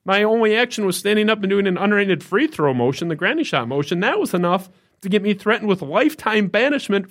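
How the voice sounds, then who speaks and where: Animated, indignant man telling a story. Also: quick pace. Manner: animated storytelling, rising pitch when indignant. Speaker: podcast co-host. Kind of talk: casual sports talk.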